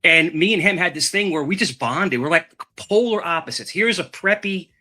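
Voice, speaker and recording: A man telling a long rambling story in casual chat, animated and swearing, repeating his words. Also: a little high, normal speed.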